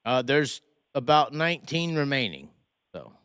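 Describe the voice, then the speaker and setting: A man's voice: medium pitch, very animated, normal speed, fairly bright tone, clear, resonant tone. A man hosting a podcast in casual chat, rowdy and swearing in jest with his guests. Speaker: podcast host.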